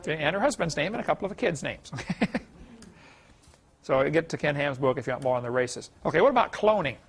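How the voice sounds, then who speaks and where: A man's voice: on the high side, expressive, a little fast, creaky. A middle-aged man giving a seminar lecture, folksy and chuckling at his own stories. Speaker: creation seminar speaker. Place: lecture hall.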